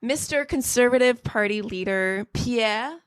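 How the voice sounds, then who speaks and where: A woman's voice: on the high side, a little slow, smooth, no room sound, studio quality. A woman co-hosting a casual political talk podcast, chatty and self-deprecating as she reads out quotes. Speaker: podcast co-host.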